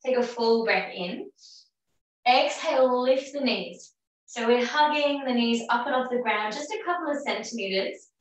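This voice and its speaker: Yoga teacher, woman, slightly high voice, gentle encouraging cues, booming echoey room, a step back from the mic. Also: distant mic. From Australia. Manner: calm, encouraging, cueing breaths. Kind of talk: guided yoga class instruction.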